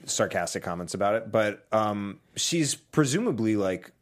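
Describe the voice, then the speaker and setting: A man with a somewhat low voice in a relaxed movie chat. He speaks in an easy, offhand way and drops dry, sarcastic remarks. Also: moderate pace. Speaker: podcast co-host. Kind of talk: casual movie review chat.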